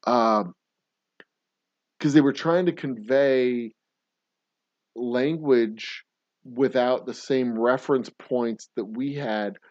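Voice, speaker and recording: A man's voice: medium pitch, takes it slowly, pauses often, a little mellow, no echo, highs cut off. A middle-aged man hosting a casual trivia livestream, rambling and swearing in mock-grumpy rants. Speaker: trivia game host.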